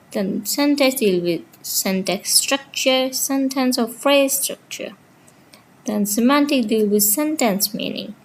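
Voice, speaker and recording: A woman's voice: fairly high pitch, a little hiss or hum, low-quality recording. A woman teaching linguistics in a casual lecture, walking through her slides point by point, with small grammar slips.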